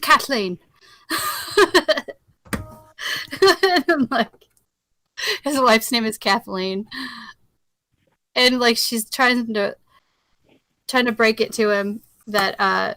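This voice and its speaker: Bright-voiced woman rambling on a call. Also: medium pitch, no echo. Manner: chatty, rambling, laughs often. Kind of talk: casual group chat. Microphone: video call.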